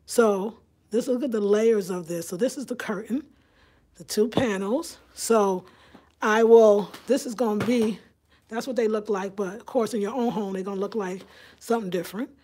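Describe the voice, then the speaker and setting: A woman chatting casually on a live stream, lively and laughing often, reading viewer comments aloud. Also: mid-range voice, normal speed. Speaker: home design vlogger.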